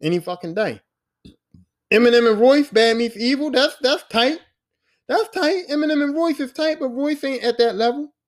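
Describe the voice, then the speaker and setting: Solo podcast host, male, high-pitched, swearing and emphatic street slang. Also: animated, normal speed. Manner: profane, emphatic, repeats himself for emphasis. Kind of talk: casual solo podcast rant.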